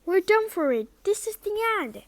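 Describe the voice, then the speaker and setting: A woman's voice: very high-pitched, very animated, normal speed, no room sound, pitched above the performer's own voice, exaggerated voice. Woman doing a panicky schoolboy. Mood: panicked. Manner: snapping, frightened.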